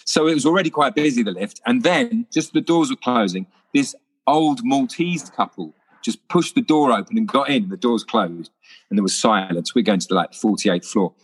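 Animated actor, casual guest, spins anecdotes with acted-out voices. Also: male voice, mid-range voice, normal speed, slightly rough. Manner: lively storyteller, acts out voices.

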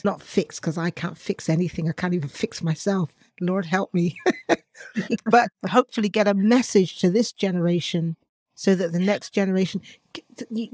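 A woman co-hosting a faith podcast in casual chat, lively and often laughing, who breaks into animated asides. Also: lowish voice, dry recording, clean studio sound. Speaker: podcast co-host.

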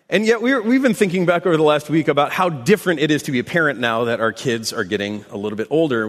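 A man preaching a sermon as pastor, telling stories in a relaxed, conversational and self-deprecating way. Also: mid-range voice. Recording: long echo of a large hall.

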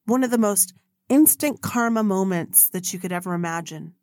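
A woman's voice: mid-range voice, normal speed, dark tone, dry recording. A woman hosting a solo podcast, telling stories in a blunt, profane way and acting out the people she quotes. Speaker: podcast host.

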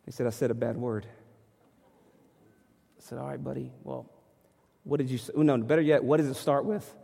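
A man's voice: mid-range voice, fairly even intonation, a little fast, vocal fry, mellow, husky, big-room sound. A man preaching a sermon as a pastor, telling a story conversationally and acting out his dialogue with his young son. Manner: conversational, with many restarts.

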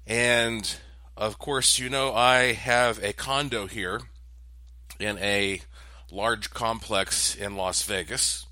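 A man from North Carolina with a North Carolina accent, telling a relaxed, rambling anecdote with asides as a vlog host. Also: lowish voice, no room sound. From Asheville, North Carolina. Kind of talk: casual storytelling monologue.

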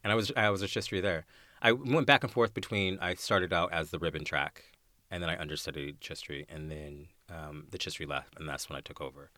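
An American man in his thirties, a guest actor telling stage stories in a casual interview, animated and often laughing. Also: low voice, a little fast, no room sound. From United States. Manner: animated storyteller, acts out quoted voices, laughs often.

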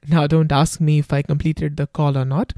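A man with an Indian accent giving a scripted introduction to his podcast as its host, in a steady, rehearsed delivery. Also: a little high, normal speed, no echo, studio quality. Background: faint guitar music.

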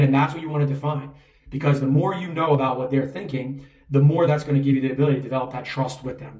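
In a roomy, echoing space with the mic far off, a man delivers coaching in conversation, his voice medium-pitched and a little mellow. He frequently checks in with listeners by asking "right?".

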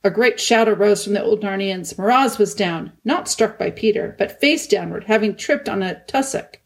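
A woman narrating a children's novel in a calm, measured audiobook reading. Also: medium pitch. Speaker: audiobook reader.

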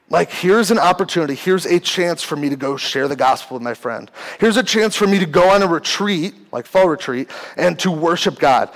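A young man preaching a relaxed sermon to a youth group from the stage of a church. His voice sits a little high for a man, and he talks in a loose, conversational way, full of "like" and quick restarts. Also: low-quality recording. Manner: conversational, uses many fillers like "like". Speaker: youth pastor. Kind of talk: casual sermon. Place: church hall, speaking from a stage.

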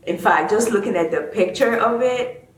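A woman's voice: medium pitch, normal speed, echoey room, low-quality recording. A woman hosting a casual talk, speaking expressively and addressing her viewers directly. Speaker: host.

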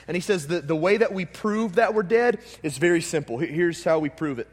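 A man with a high voice, preaching to his congregation in a relaxed, conversational way and often restarting his sentences. His voice carries a long reverb from the church hall around him. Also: fairly quick, few pauses, husky. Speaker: pastor. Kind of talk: sermon.

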